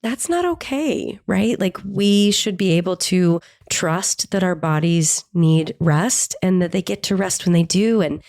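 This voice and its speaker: Stuffy-nosed woman podcast host, low voice. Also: steady tone, a little slow, few pauses, darkish tone. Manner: candid, chatty and self-deprecating. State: stuffy nose from a cold. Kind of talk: casual solo podcast chat.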